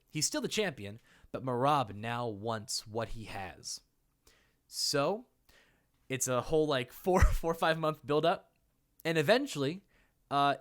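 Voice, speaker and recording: A man's voice: mid-range voice, a bit bright. A young man talking casually and playfully in an unscripted commentary, laughing often. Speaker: YouTuber.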